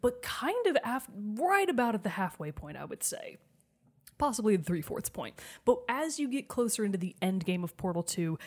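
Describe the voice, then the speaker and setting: A woman in an enthusiastic, chatty conversation, hosting a podcast. Her pitch sits in the middle for a woman. She laughs often as she explains. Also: a little mellow. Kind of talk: casual chat.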